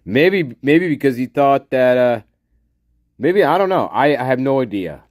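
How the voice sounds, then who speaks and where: A man's voice: medium pitch, lively intonation, a little slow, dry recording, studio quality. A man hosting a casual livestream, swearing and ranting angrily, then muttering to himself as he reads the chat. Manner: profane angry ranting; muttering while reading chat. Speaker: livestream host.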